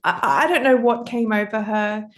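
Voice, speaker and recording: A woman's voice: fairly high pitch, fairly even intonation, normal speed. A woman hosting a casual podcast interview, responding with encouragement and enthusiasm. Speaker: podcast host.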